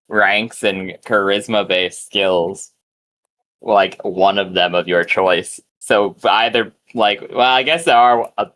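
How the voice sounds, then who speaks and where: A man's voice: lowish voice, fairly bright tone. A man narrating and ruling as game master of a tabletop game, loose and chatty with fillers.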